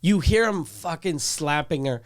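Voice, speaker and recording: A man's voice: a little high, expressive, a little slow. A middle-aged man, telling a story in a rambling, profane way full of restarts. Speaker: comedian and podcast co-host. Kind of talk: casual storytelling chat.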